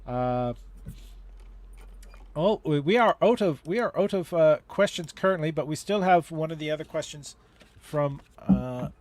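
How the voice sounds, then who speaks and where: A man's voice: on the high side, animated, a little slow, darkish tone. A man hosting a casual livestream advice chat, talking in a rambling way with many restarts and fillers. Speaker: host.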